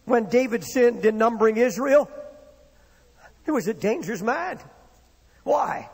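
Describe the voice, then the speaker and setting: A man's voice: extremely high pitch, lively intonation, measured pace, creaky, breathy edge, big-room sound. A man preaching a sermon in an impassioned, dramatic way, acting out the words of the people in his stories. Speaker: pastor.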